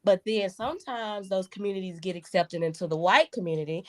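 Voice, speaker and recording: A woman co-hosting a podcast in a casual, emphatic conversation, jumping high in pitch when she stresses a point. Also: a little fast, hardly any pauses. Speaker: podcast co-host.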